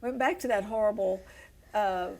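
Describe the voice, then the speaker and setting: A woman's voice: mid-range voice, normal speed, warm tone. A woman hosting a Christian talk show, who asks leading questions and adds emphatic, sympathetic comments.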